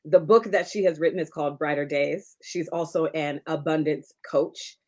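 A woman's voice: low voice, steady tone, moderate pace, darkish tone. A woman hosting her own podcast, upbeat and chatty, laughing often as she talks with a guest. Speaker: podcast host and coach. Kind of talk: casual interview chat.

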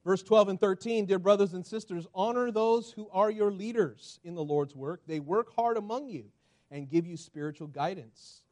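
High-voiced man preaching a sermon. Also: moderate pace. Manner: preaching with big swings from loud to hushed. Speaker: pastor.

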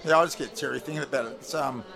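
A man's voice: mid-range voice, racing, vocal fry, over music. A man with an Australian accent, a former player and commentator, chatting casually on radio in a laid-back way with many fillers. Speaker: rugby league commentator, studio guest.

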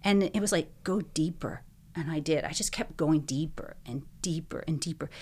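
A young woman, a guest in an interview, telling her own story earnestly, full of "like"s and quick bursts. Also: low-pitched, a little mellow, slightly rough.

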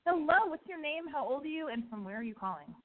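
A woman's voice: sits high, lively intonation, quick pace. Brash, profane woman with a slight lisp. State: congested from allergies. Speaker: call-in show host. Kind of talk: casual call-in podcast hosting. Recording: tinny phone-quality sound.

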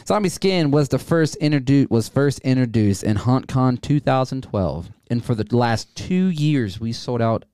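A man's voice: medium pitch, animated, moderate pace, few pauses, mellow, clean tone, no echo, clean studio sound. A man from co-hosting a casual podcast, rambling, swearing and stumbling over his words. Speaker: podcast co-host.

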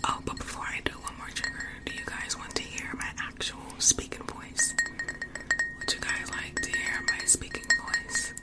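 A young woman whispering gently and repeating soft phrases as an ASMR live streamer. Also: moderate pace. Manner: gentle, repetitive, soothing whispers.

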